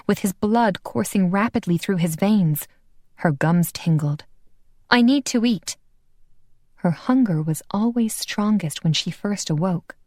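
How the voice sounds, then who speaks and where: A woman narrating a paranormal romance audiobook in an expressive, lively reading. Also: on the low side, no room sound, studio quality. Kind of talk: scripted narration.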